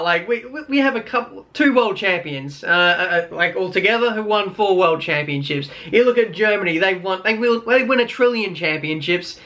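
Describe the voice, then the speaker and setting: A man's voice: sits high, bright, forceful tone. A young Australian man with an Australian accent ranting casually in a vlog, rambling with many fillers and wry complaints. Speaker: YouTuber.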